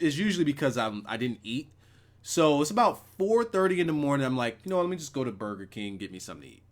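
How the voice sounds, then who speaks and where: A man's voice: on the high side, a bit bright. A man hosting a live stream who reviews wrestling shows and tells a rambling, profane story, talking casually with his chat.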